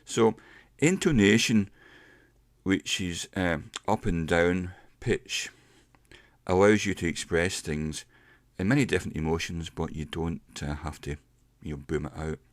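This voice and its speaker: A middle-aged man giving a casual pronunciation lesson, explaining step by step and slowing down to demonstrate sounds. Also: low-pitched, no echo, studio quality. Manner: unhurried, explains step by step with slowed demonstration words. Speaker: English pronunciation teacher.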